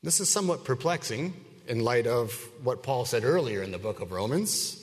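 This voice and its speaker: A man preaching an expository sermon to his congregation, measured and emphatic, leaning hard on key words. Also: medium pitch, expressive. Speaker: pastor. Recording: long reverb of a hall.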